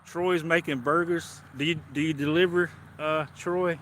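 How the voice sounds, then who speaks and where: A man's voice: on the high side, fairly even intonation, moderate pace, fairly bright tone, a little hiss or hum. A man hosting a casual livestream, chatting easily, greeting viewers and reading a devotional aloud. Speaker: live stream host.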